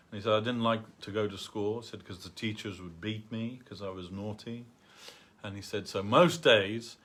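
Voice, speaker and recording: A man telling a story at a temple gathering in a halting way, with many fillers and restarts. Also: lowish voice, a bit bright. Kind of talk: storytelling talk. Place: temple hall.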